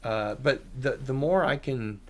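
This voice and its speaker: Hosting a casual livestream panel, a man with a mid-range voice speaks at an unhurried pace. He tells rambling stories, chatty and self-deprecating.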